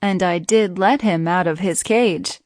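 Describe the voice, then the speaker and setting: A woman's voice: a little slow, no room sound, clean studio sound, natural voice. Woman doing a frightened, pleading Brahmin. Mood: urgent. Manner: pleading, raised pitch.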